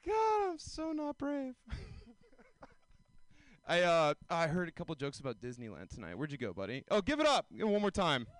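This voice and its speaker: A man in his twenties performing a self-mocking stand-up set, often jumping into high mocking voices. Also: huge pitch swings, normal speed. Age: 20s. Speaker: stand-up comedian.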